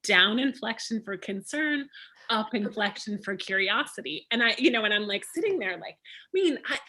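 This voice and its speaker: A woman's voice: mid-range voice, lively intonation, normal speed, pushed and bright. A woman author chatting casually as a guest, rambling with lots of fillers and restarts. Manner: rambling, many "you know" and "like" fillers, restarts. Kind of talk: casual chat.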